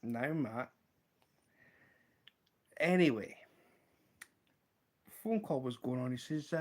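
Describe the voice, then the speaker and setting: A man with a Scottish accent hosting a casual livestream, showing fly-tying materials and telling an animated story, laughing often. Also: mid-range voice, takes it slowly, long pauses. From Scotland. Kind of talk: casual livestream chat and anecdote.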